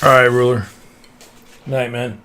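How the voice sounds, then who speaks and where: A man's voice: medium pitch, little pitch movement, a little slow, noisy background. A man hosting a casual livestream, chatting easily and reading viewer comments aloud. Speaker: livestream host searching coins.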